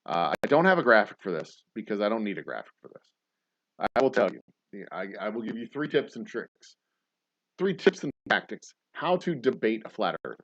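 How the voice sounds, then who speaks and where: A man with a lowish voice chats loosely on a livestream, wandering off on tangents with sarcastic, profane asides. The sound is muffled and lo-fi, and the voice sits close and dry with no room echo. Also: sing-song, moderate pace, a bit bright. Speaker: host. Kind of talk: casual livestream chat.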